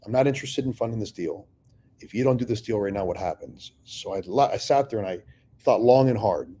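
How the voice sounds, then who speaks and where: A man's voice: on the low side, expressive, fairly quick, warm tone, husky. A middle-aged man telling his own business story in a casual, profane way, acting out both sides of past conversations. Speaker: real estate investor telling his story.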